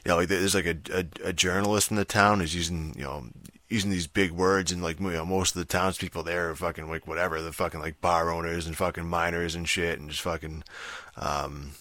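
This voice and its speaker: Deep bright-toned man rambling profanely. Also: steady tone, brisk, no echo. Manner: heavy swearing and filler words, rambling. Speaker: show reviewer. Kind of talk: casual rambling rant.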